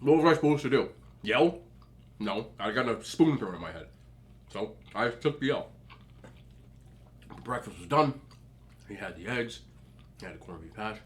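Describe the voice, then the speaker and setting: His voice is lowish with lively intonation, at a normal speed and with frequent pauses. He's a young adult man vlogging a mukbang, telling casual, chatty stories while eating with his mouth full.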